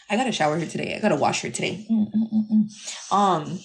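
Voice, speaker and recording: A woman's voice: mid-range voice, a little fast, gravelly, slight background noise. A young adult woman giving a casual tarot reading to her viewers, brash, profane and teasing, often breaking into laughter. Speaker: tarot reader.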